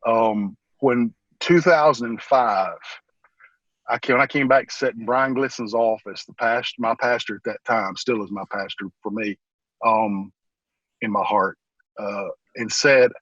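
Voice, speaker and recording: A man, a church pastor, talks earnestly in a relaxed interview, wandering through his story and fighting back tears. His voice is husky and a bit breathy. It is recorded dry and dull, lo-fi. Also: medium pitch, dry recording. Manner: rambling, earnest, often says "man". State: emotional, holding back tears. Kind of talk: casual interview talk.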